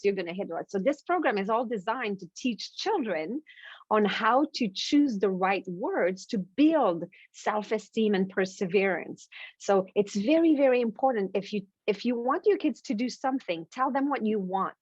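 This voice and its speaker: A woman speaking as a podcast guest, explaining with lively energy and acting out examples. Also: medium pitch, moderate pace, breathy edge, no room sound, dull audio. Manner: lively, repeats words, acts out examples. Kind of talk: animated explanatory talk.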